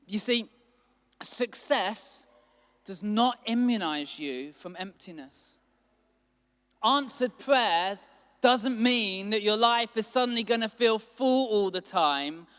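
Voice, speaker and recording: High-voiced pastor preaching. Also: male voice, slow, clean tone. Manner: animated, acts out quotes with big swings in loudness. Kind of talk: sermon. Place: church hall. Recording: long hall reverb.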